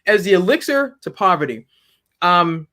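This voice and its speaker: A woman business founder as a guest on an interview show, talking in an animated, humorous way with frequent restarts. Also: fairly low pitch, moderate pace. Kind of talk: interview conversation.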